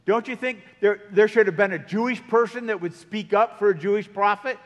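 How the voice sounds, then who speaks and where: High-voiced preacher in a reverberant hall. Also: male voice, a little fast, lo-fi sound. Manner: storytelling preacher, varies pace for emphasis. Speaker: pastor. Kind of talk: sermon.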